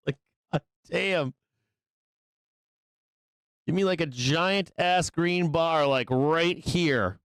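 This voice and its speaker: A man hosting a live trading stream, swearing and impatiently yelling at the price chart, with excitable bursts and frequent laughs. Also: on the high side, drawn-out words, long pauses, clear, resonant tone, no echo. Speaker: live trading show host. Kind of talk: live-stream market commentary.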